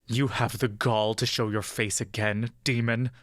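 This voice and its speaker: An actor playing a huge, scarred, tusked warrior who speaks in a gravelly, slow and contemptuous way. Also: male voice, fairly low pitch, little pitch movement, fairly bright tone, no echo, studio quality. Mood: menacing. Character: scarred, tusked male warrior, large, seething and hostile.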